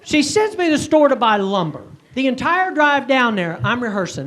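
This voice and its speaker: A man's voice: extremely high pitch, sing-song, a little fast, hardly any pauses, a bit bright. A middle-aged man doing stand-up, telling a self-mocking story in a punchy way and often asking "right?". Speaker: comedian and speaker.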